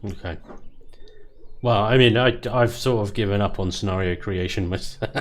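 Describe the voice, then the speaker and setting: A man's voice: fairly low pitch, normal speed. A man hosting a game stream in casual chat, joking and enthusiastic. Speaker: stream host.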